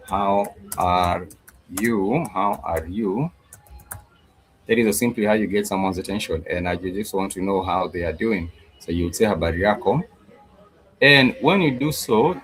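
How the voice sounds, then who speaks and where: A man teaching a language lesson in a slow, repetitive way, with many fillers and pauses. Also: on the low side, slight background noise, poor audio. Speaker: Swahili teacher.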